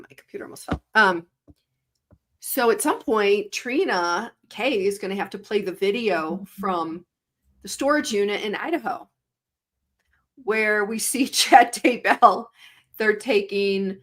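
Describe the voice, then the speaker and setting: A woman's voice: medium pitch, a bit bright. Chatty woman co-hosting a livestream. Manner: chatty, laughs often, exclaims "oh my goodness". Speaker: co-host. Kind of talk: casual livestream chat.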